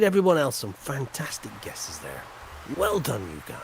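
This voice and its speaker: A man's voice: on the low side, wildly swooping pitch, normal speed, a little mellow, a little hiss or hum. Playful man hosting a stream quiz. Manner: playful, mock-grand announcer flourishes. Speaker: quiz host on a game livestream. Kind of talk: casual livestream chat, quiz hosting.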